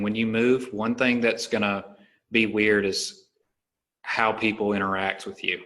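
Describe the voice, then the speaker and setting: A man's voice: fairly low pitch, measured pace. Southern-accented male comedian, casual. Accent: Southern American. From American South. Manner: relaxed storytelling, many fillers like "like" and "you know". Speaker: podcast host, stand-up comedian. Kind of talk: casual conversation.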